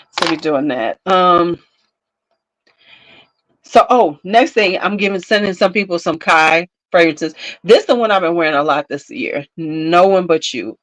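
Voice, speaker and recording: A lowish female voice comes through poor audio with slight background noise. She's a beauty channel host in her fifties doing a casual livestream from home, a chatty storyteller who laughs often and talks back to those watching.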